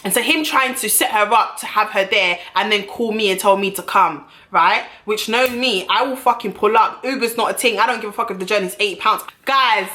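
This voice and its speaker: A young woman telling a storytime vlog in a brash, profane, animated way, recorded at home on a camera mic. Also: medium pitch, quick pace, hardly any pauses. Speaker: vlogger.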